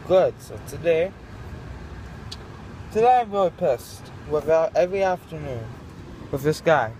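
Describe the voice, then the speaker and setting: A man's voice: a little high, animated, a little slow, darkish tone, slight background noise, poor audio. A man ranting angrily into his phone camera for a vlog, taunting and swearing. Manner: angry, taunting, profane. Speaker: vlogger.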